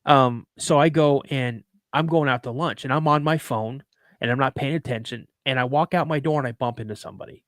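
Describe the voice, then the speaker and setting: Man, podcast host, rambling anecdotes, stumbles and repeats words, mid pitch, dry sound. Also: a little fast, a bit bright, dry recording. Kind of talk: casual anecdotal storytelling. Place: live podcast show.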